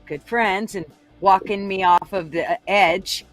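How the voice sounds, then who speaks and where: A man with a notably high voice talking through a tense experience in a casual live chat. He speaks earnestly and reflectively and swears now and then. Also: fairly even intonation, takes it slowly, fairly bright tone, soft background music.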